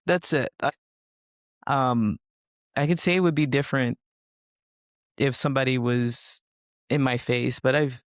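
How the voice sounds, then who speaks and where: A man, a coach, talking reflectively in a podcast interview and sometimes acting out inner thoughts in a higher voice. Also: fairly even intonation, unhurried, long pauses, dry recording, clean studio sound. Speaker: social connections coach.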